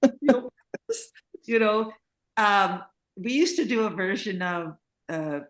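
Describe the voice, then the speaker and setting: A woman's voice: mid-range voice, animated, takes it slowly. A woman interviewee telling rambling stories in casual chat, laughing often, over a video call. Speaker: interviewee, singer and composer.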